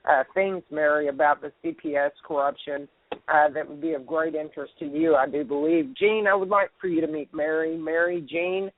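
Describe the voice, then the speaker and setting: A woman's voice: low-pitched, fairly even intonation, normal speed, a little hiss or hum. A woman hosting a call-in show, folksy and chatty, saying she is worn out. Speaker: host. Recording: dry phone-like sound.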